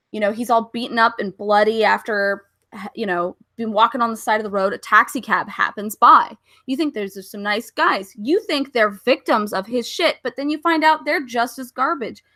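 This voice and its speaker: Blunt woman podcaster with a bright voice. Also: on the high side, dry recording, clean studio sound. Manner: blunt, swears freely. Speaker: podcast co-host. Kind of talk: casual roundtable discussion.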